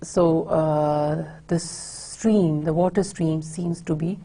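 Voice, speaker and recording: A woman lecturing on a poem in a steady, unhurried way, stopping often to rephrase. Her voice sits low and sounds husky and mellow, with a gravelly edge. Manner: measured, with frequent hesitations and restarts. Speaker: teacher.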